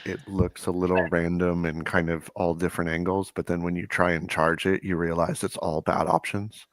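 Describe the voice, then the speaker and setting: A man's voice: low-pitched, level tone, moderate pace, no room sound. A man commentating a tabletop wargame, explaining tactics as he thinks aloud.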